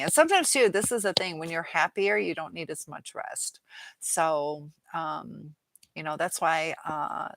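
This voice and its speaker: A woman's voice: low voice, vocal fry, a bit bright, no echo. A middle-aged woman hosting a live chat, rambling casually through viewer comments and laughing often.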